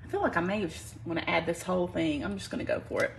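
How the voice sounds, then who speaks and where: Talking fast in a lowish voice over a noisy background, a Southern woman from Alabama streams herself cooking at home in her kitchen. She keeps it folksy, calls out viewers by name, uses "y'all" plenty, and has to clear her throat due to allergies.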